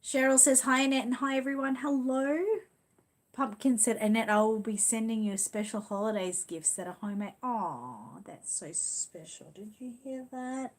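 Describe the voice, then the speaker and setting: A woman's voice: a little high, moderate pace. A woman from Australia with an Australian accent, hosting a casual live stream and chatting as she reads out viewer comments. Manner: chatty, reads comments aloud and reacts with small laughs. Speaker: channel host reading viewer comments.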